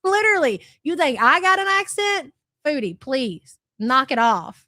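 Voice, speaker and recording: A woman's voice: high-pitched, sing-song, a little slow, bright, forceful tone, no echo, studio quality. A woman in her thirties with a light American country twang, hosting a livestream and reading out viewer chats in a brash, profane, sarcastic way. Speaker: livestream host.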